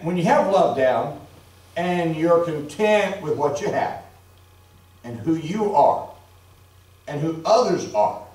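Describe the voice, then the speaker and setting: High-voiced preacher in an echoey church. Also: male voice. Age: 40s. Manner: storytelling, animated, calls out to the congregation. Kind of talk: revival sermon. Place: church sanctuary. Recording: echoey church hall from far off.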